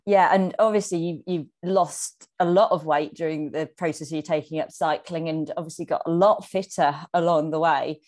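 A woman with a somewhat low voice interviews her guest. She is encouraging and pauses on fillers as she frames her questions. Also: fairly even intonation, a little mellow. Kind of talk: casual interview.

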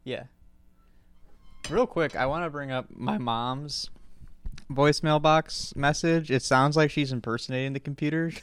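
A man's voice: on the high side, unhurried, clear, resonant tone. A young man joking around in a casual podcast chat, a bit rambling.

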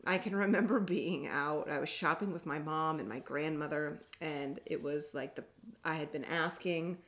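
Speaking at normal speed in a deep voice, a female podcast co-host tells stories over casual chat. She comes across as a chatty storyteller who's quick to laugh.

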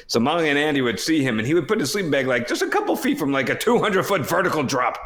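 Man telling animated anecdotes. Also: a little high, quick pace. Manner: animated anecdote teller who laughs often. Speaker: podcast co-host. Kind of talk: casual storytelling chat.

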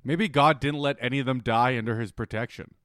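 A man's voice: medium pitch, a little fast, a bit bright, smooth, no room sound. A man with an ordinary mid-range voice trading sarcastic jokes with his co-host on a casual podcast. He talks loosely and cuts in with quips. The recording is dry and close. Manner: sarcastic, joking interjections.

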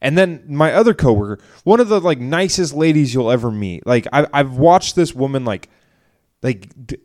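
Casting: young male comedy podcaster, mid-pitched, rambling storyteller who quotes people. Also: moderate pace. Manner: rambling, animated retelling with quoted voices. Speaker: podcast co-host. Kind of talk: casual storytelling chat.

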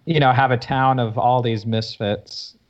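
A man co-hosting a podcast, talking in a measured, hedging way with many fillers. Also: medium pitch, steady tone, highs cut off. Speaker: podcast co-host. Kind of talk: casual chat.

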